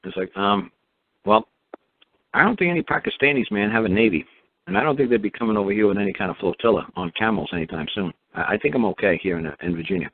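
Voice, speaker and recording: A man's voice: fairly low pitch, expressive, quick pace, creaky, a little hiss or hum. A man hosting a talk show in a rambling, sarcastic monologue, circling back with repeats and fillers. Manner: sarcastic, mocking; meandering, with frequent repeats and fillers. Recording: narrow phone-like sound, dry.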